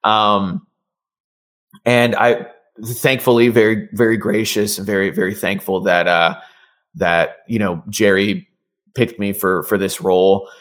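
Man, voice actor guest, low voice, casual interview chat, rambling with fillers. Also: fairly even intonation, measured pace, a bit bright. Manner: chatty, many fillers and restarts.

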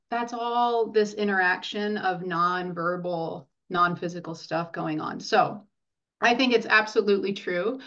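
A woman speaking as a nurse and lactation consultant in an interview, earnest and animated, acting out what parents say. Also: mid-range voice, highs cut off. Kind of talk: conversational interview.

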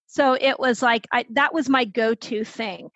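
A woman in her fifties with a fairly high voice shares her story as an interview guest, animated and chatty. The recording is dry, with a slightly dull, muffled tone. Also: no room sound. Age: 50s. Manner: animated, quick to act out quoted voices. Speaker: guest, health expert. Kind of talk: conversational storytelling.

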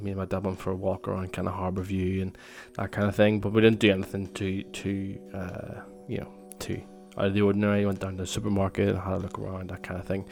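Low-voiced man rambling a story. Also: vocal fry. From Northern Ireland. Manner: rambling, many fillers and restarts. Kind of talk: casual personal storytelling.

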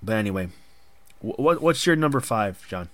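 A man hosting a casual podcast chat, excitable and rambling in long run-on bursts. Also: lowish voice, normal speed. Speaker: podcast host.

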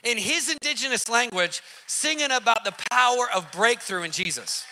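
A man telling a dramatic testimony in an animated, emphatic way, repeating lines for effect and using casual slang. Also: very high-pitched, moderate pace, background noise. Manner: emphatic, vivid storyteller who repeats for effect. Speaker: Christian activist telling a testimony.

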